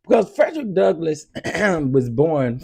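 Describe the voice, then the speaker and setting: Lively laughing male commentator. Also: a little high, slow, creaky, slightly rough. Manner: laughs often, talks straight to viewers. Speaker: host. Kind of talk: casual commentary.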